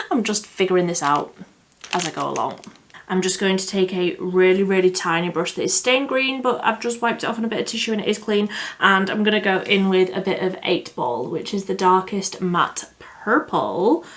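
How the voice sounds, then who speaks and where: A woman's voice: mid-range voice, very animated, a little fast, fairly bright tone. A young woman chatting through a makeup tutorial, thinking aloud and laughing at herself. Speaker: beauty vlogger. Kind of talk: casual makeup tutorial chat.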